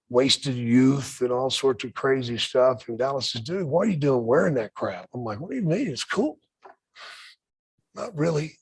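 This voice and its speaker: A man in his sixties, a podcast co-host, talking candidly and reflectively, with many pauses. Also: medium pitch, no room sound, rough recording. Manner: slow, candid, lots of pauses and fillers. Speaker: podcast co-host, former wrestler. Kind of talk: reflective casual talk.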